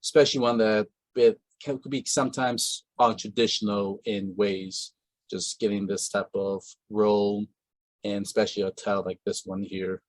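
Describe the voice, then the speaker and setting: A man's voice: fairly low pitch, level tone, moderate pace, dry recording. A man hosting a casual interview, talking in long rambling stretches with many fillers and restarts. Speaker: podcast host.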